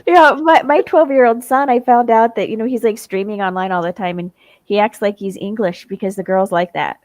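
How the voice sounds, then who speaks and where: A woman co-hosting a casual podcast chat, agreeable and quick with short replies. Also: medium pitch, a little mellow, dry recording. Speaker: podcast co-host and class teacher.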